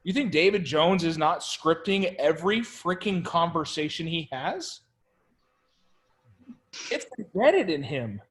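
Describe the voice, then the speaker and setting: A man coaching a room of agents, animated and coaxing, calling out to the group. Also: a little high, a little slow. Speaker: sales trainer. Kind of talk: energetic group coaching session.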